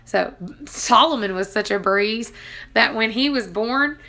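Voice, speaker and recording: A woman's voice: fairly high pitch, a little slow, sharp tone. Chatty woman telling stories. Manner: chatty, laughs often, acts out quotes. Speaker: vlogger reading live chat. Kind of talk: casual live-stream storytelling.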